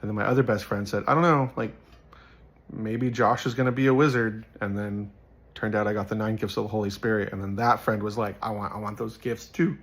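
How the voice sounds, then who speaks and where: A man's voice: on the low side, level tone, a little fast, fairly bright tone. A man giving a casual Bible teaching, earnest and rambling, telling personal stories and repeating phrases for emphasis.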